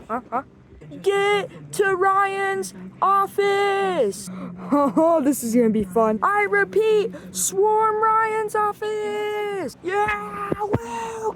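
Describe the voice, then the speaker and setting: Excitable high-voiced woman doing toy role-play. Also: slight background noise. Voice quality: excitable, switches between many character voices with shouted sound effects. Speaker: plush toy storyteller.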